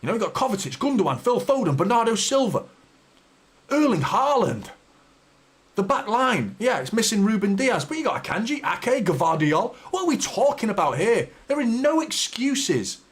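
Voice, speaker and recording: A man's voice: high voice, sing-song, moderate pace. A man hosting a live football watchalong, commentating and ranting at his team's players with frustrated, sweary exasperation. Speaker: fan channel host.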